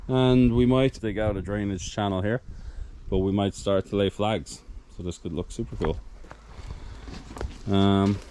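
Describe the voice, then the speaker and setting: On a building site, sometimes up on the roof, a man records his farmhouse renovation and talks casually to the camera as he works. He is fatigued and short of breath, meandering in plain language and self-correcting. His voice is lowish and slightly mellow, with a little background noise.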